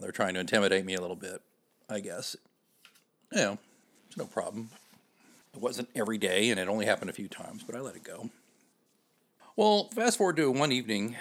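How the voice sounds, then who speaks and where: A man hosting a podcast, telling a personal story in a conversational, self-deprecating way with frequent fillers. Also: fairly low pitch. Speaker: podcast host.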